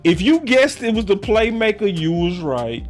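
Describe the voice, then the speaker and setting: A man hosting a sports talk livestream, swinging from loud theatrical hype to quiet muttered asides while reading chats. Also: sits high, very animated, moderate pace, soft background music. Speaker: sports show host.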